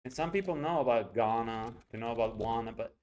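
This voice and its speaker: A young man whose first language is Spanish gives a casual spoken pronunciation lesson, animated and acting out sounds as he explains them. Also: medium pitch, a little fast. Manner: animated, demonstrates sounds aloud with filler words. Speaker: English pronunciation teacher.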